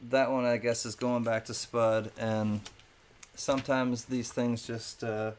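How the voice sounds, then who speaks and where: A man's voice: medium pitch, flat delivery, a little slow, slight background noise. Chatty male live-stream auctioneer. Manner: chatty, thanks viewers by name, drops into sing-song calls.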